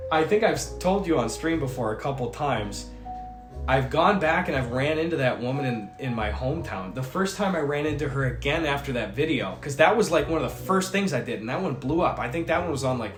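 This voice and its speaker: A man in his twenties chatting casually on a stream, telling a story in a rambling, animated way. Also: mid-range voice, fairly quick, echoey room, soft background music. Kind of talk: casual chat. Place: indoor streaming room.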